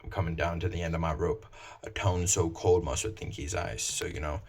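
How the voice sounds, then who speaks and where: Deep-voiced man, flat and unemotional. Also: brisk, creaky. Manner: flat, low-emotion delivery with many fillers. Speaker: songwriter explaining his own lyrics. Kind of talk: casual spoken explanation.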